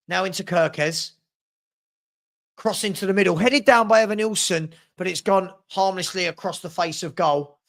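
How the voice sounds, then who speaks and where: A man with a high voice talks through a live match as its host. He calls the passes in casual play-by-play and breaks off to answer viewers' comments in a loose, friendly chat. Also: gravelly, a bit bright. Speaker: watchalong host.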